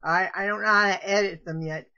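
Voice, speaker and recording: A woman's voice: mid-range voice, steady tone, a little fast, pushed and bright. A middle-aged woman talking straight to camera in a rambling, confessional monologue, with frequent restarts. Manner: rambling, meandering, with trailing restarts. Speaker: vlogger. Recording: dull lo-fi home video audio.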